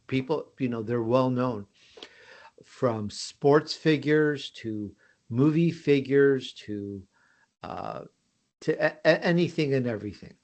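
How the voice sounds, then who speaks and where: An American man chatting as a podcast guest in an easygoing, self-promoting way. He often restarts his sentences and uses fillers. His voice sits at a middling pitch. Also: slow pace, darkish tone. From United States. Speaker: podcast guest, host of his own show. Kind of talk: casual interview talk.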